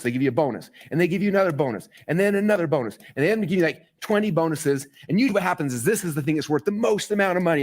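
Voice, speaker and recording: A man in his forties teaching a live online masterclass, talking straight to his viewers and acting out quick quotes with excitement. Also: a little high. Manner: fast, excited, talks to the audience directly, acts out quotes. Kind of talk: energetic live-stream teaching.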